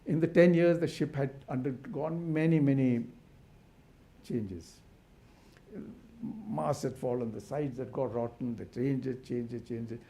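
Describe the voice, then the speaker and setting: A man's voice: mid-range voice, unhurried, mellow. A man giving an impassioned symposium talk, asking rhetorical questions with frequent restarts. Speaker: conservation academic speaker.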